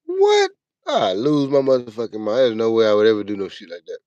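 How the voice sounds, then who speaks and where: A man hosting a show, telling a long, profane personal story in a casual, animated way. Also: lowish voice, fast talker, clean tone, no room sound, lo-fi sound. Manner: profane, animated, acts out his own panicked yelling. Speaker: show host.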